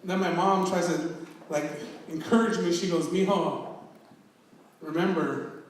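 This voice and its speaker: A man's voice: high voice, steady tone, normal speed, slight background noise. A man in his thirties performing a self-mocking stand-up comedy set, telling stories and acting out quotes. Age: 30s. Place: live comedy show in an echoey hall. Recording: roomy live hall recording from far off, audience laughter. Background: audience laughing.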